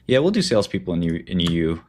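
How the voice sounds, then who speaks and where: A man's voice: sits low, very animated, racing, a little hiss or hum. A man hosting a casual livestream, talking trading in a blunt, offhand way and giving advice. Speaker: livestream host and trader.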